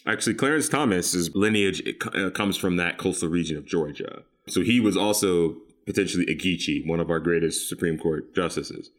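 A man's voice: low voice, brisk, hardly any pauses. A man from South Carolina, a podcast guest, talking casually and rambling, with frequent laughs. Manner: laid-back, rambling, laughs often.

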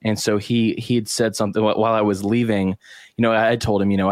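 A man's voice: on the low side, level tone, brisk, a little mellow, no room sound, clean studio sound. A man hosting a podcast, telling rambling stories with plenty of swearing in casual chat. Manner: rambling, profane storytelling. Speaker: podcast host.

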